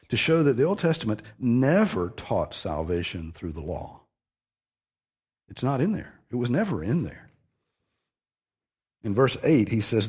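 A man's voice: fairly low pitch, darkish tone, breathy edge. A man preaching an expository sermon, earnest and emphatic, stressing key phrases as he teaches.

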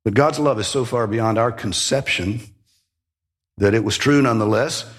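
A man's voice: mid-range voice, moderate pace. A man preaching a sermon, emphatic, with rhetorical questions and sudden rises in emphasis. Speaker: pastor.

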